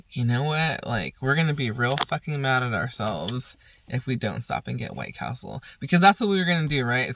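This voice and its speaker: A man's voice: medium pitch, fairly bright tone, dry recording. A young man casually telling a rambling, profane story on his vlog, often laughing. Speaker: vlogger.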